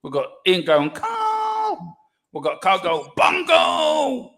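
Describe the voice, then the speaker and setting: A man co-hosting a casual sports livestream, jokey and energetic, with a sore throat. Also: a little high, brisk. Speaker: livestream co-host.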